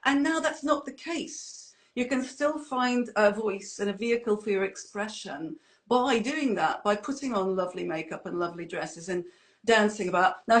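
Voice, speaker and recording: A woman in a band, chatting casually as an interview guest with rambling, self-deprecating asides. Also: mid-range voice.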